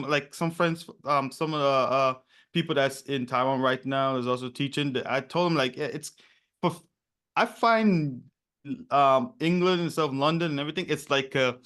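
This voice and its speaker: A man's voice: medium pitch, a bit bright, clear, resonant tone. Rambling, friendly New York man. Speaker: podcast host. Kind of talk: casual chat.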